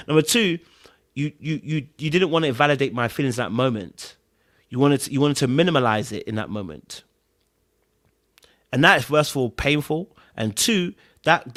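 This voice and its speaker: Male podcast host, mid pitch, emphatic and repetitive, keeps checking in with listeners as he talks through advice. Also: fairly bright tone. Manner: emphatic, repeats key words, keeps checking in with "right?". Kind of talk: casual advice talk to live viewers.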